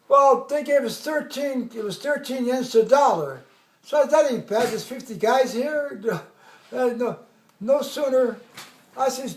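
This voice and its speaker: A man's voice: very high-pitched, animated, normal speed, roomy sound. A man in his eighties, an army veteran, rambling through an old story, laughing often and acting out the voices of people in it. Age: 80s. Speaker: army veteran telling war stories. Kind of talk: casual storytelling at home.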